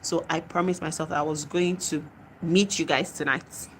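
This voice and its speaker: A woman's voice: low voice, steady tone, moderate pace, slight background noise. A young woman hosting a casual livestream, chatting and reading viewer comments aloud. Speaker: livestream host.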